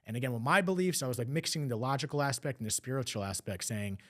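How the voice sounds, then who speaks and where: Man, podcast guest, rapid emotional storytelling, mid-pitched. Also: expressive, a bit bright. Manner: fast, emotional retelling with acted quotes. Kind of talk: personal storytelling.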